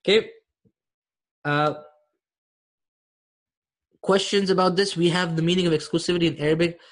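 A man's voice: on the high side, steady tone, moderate pace. A man teaching an online Arabic grammar class, explaining patiently and often checking that students follow.

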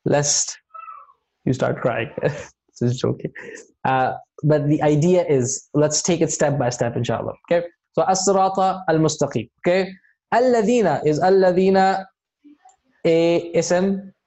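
Teaching Arabic grammar in an online class, a man speaks a little slowly in a warm, mellow, slightly high and expressive voice. He patiently breaks things down step by step and regularly checks in to encourage his students.

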